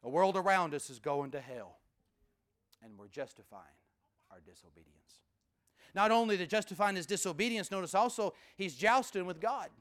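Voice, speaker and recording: A man preaching a sermon in a folksy, conversational way, swinging from loud emphatic bursts to hushed near-whispers. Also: sits high, animated, a little fast, few pauses. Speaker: pastor.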